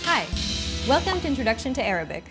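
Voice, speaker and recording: A young adult woman hosting a language lesson in an upbeat, clear teacherly delivery. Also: fairly high pitch, very animated, quick pace, over loud music. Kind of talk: scripted lesson narration.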